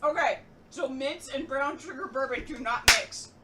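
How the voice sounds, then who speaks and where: A woman's voice: high voice, normal speed, distant mic. A woman chatting casually with the streamer in his room during a game stream, swearing freely and laughing often. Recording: off-mic with background noise.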